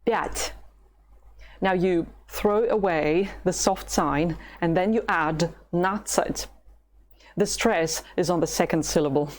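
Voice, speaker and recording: A woman from Russia with a Russian accent, a patient language teacher who models words slowly for the listener to repeat. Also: lowish voice. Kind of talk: slow language lesson with repetition drills.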